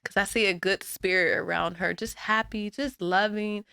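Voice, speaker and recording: A woman's voice: medium pitch, normal speed, gravelly, a little hiss or hum. A woman, guest on a talk show, telling stories animatedly and laughing often. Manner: animated storyteller, acts out voices, laughs often. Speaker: guest, nonprofit founder. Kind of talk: casual interview chat.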